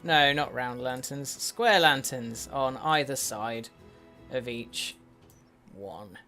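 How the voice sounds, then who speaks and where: A man's voice: mid-range voice, slow, sharp tone. A man giving casual game commentary as a let's play host, muttering to himself with wry, sweary asides. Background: faint in-game music.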